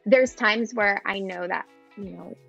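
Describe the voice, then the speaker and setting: Woman in her thirties, gravelly voice, podcast chat, dull lo-fi sound, faint music. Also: medium pitch, unhurried, bright, forceful tone. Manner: thoughtful, many fillers and restarts. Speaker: podcast guest.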